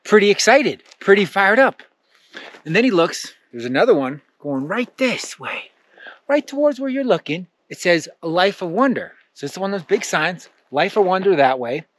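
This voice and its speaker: A man hosting a motivational lesson, telling a story in an animated way and checking in with "right?" as he goes. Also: sits high, normal speed, no echo. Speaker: channel host.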